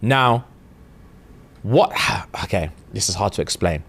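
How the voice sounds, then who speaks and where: A man's voice: on the low side, animated, slow pace, vocal fry, fairly bright tone, husky. A young man, casually retelling a story on a podcast and acting out the characters' lines with slang and swearing. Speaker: podcast co-host.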